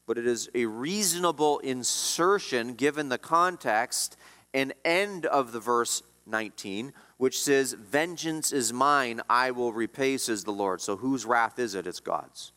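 A man preaching a sermon as pastor, emphatic, his voice swinging between loud rises and quiet drops. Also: big-room sound. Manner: emphatic preaching, rising and dropping in pitch and volume.

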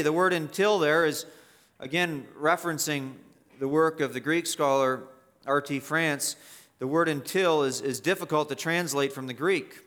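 A man's voice: on the high side, normal speed, fairly bright tone. A male pastor preaching an expository sermon, emphatic and repetitive, rising sharply to stress key points.

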